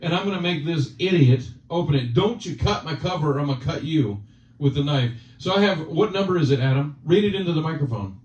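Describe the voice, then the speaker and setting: Male channel host, joking banter, slightly high voice, dull distant room sound. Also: animated, a little fast, a little mellow, roomy sound. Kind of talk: casual chat.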